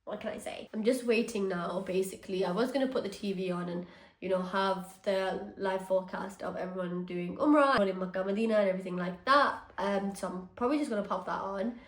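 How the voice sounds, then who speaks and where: A woman's voice: mid-range voice, fast talker. Young woman vlogging at home, chatty, heartfelt, kinda echoey room. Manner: chatty, emotional, sincere and grateful. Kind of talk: casual vlog talk to camera. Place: home, indoors.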